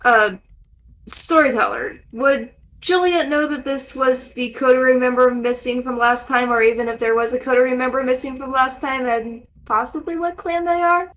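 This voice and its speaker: Woman player at a tabletop game, kinda high voice, calm and unhurried. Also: slight background noise, rough recording. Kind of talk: tabletop role-play.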